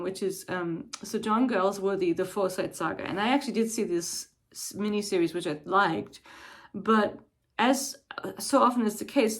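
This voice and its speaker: A woman chatting casually as a book vlogger, in a thoughtful, digressive way. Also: mid-range voice. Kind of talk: casual chat.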